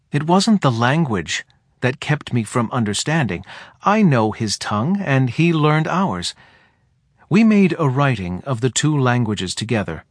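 A man voicing a soft-spoken male forest being who talks in a quiet, hesitant, almost drowsy way. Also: mid-range voice, no room sound, studio quality. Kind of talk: audiobook character voice.

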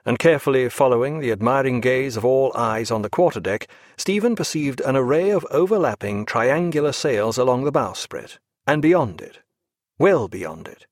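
A man reading a historical naval novel aloud as audiobook narrator, measured and expressive. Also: medium pitch, dry recording, clean studio sound.

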